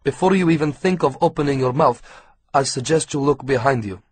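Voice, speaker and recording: A calm, menacing middle-aged villain, read by a man in an audiobook, speaking with slow, cold control. The voice is husky and breathy, with a plain, mid-range pitch. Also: natural voice.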